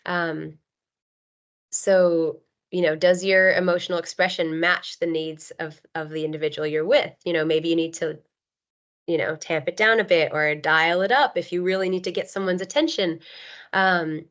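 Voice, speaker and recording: A woman's voice: on the low side, steady tone, moderate pace. A woman in her thirties, an occupational therapist, giving an earnest webinar talk with many ums and you knows. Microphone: video call. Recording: dull lo-fi video call audio.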